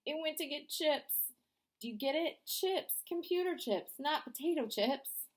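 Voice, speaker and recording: A woman's voice: fairly high pitch, animated, a little fast, darkish tone. A woman voicing a goofy schoolboy who keeps telling jokes and begs for laughs. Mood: joking. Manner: eager, pleading for laughs.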